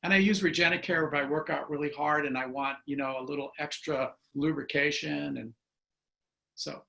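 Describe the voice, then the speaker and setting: An enthusiastic man in his sixties tells stories over a video call. His voice sits a little high and rings bright and forceful. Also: steady tone, moderate pace, vocal fry. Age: 60s. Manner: enthusiastic storyteller. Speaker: guest. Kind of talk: casual video call chat.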